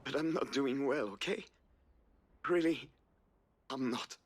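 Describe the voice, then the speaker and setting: An actor playing a regretful middle-aged man who talks quietly and drops toward a whisper in a narrative game. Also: medium pitch, takes it slowly, husky. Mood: pleading.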